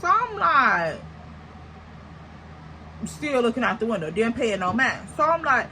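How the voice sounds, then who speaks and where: A young woman tells a storytime to camera. Her voice is bright and sits a little high. She talks in a slangy, animated way, piling up exaggerated comparisons, over a faint background hiss. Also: a little slow, long pauses, rough recording. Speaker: storytime vlogger.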